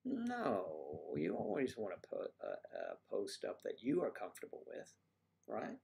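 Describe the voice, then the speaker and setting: A man's voice: fairly low pitch, wildly swooping pitch, measured pace, gravelly, a little mellow. A man hosting a casual livestream, rambling and joking as he answers viewers' comments. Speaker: livestream host.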